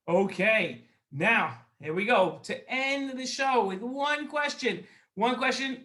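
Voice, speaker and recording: A man hosting a children's show, running a quiz game in an upbeat way with drawn-out emphasis. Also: high-pitched, a bit bright. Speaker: kids' show host.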